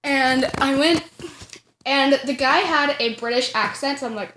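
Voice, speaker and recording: A woman's voice: sits high, a little slow, a bit bright, a little hiss or hum. A young woman telling a storytime vlog to the camera, giggling and dramatic as she tells it. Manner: giggly, dramatic, breaks into laughing. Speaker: vlogger.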